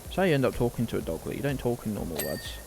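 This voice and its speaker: A man's voice: medium pitch, very animated, very fast, music in the background. A British man chatting casually on a live game stream, rambling, laughing often and talking to his dog. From United Kingdom.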